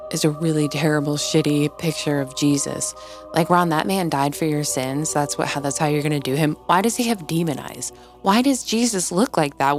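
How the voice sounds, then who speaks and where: A woman hosting a casual recap video, talking in an animated, blunt and profane way. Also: deep voice. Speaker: video host.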